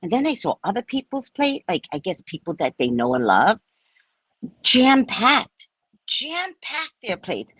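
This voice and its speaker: A woman telling a story casually to her viewers, animated and swearing, often checking in with "right?". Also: medium pitch, a little slow, breathy edge, dry recording, low-quality recording. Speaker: vlogger, spiritual reader.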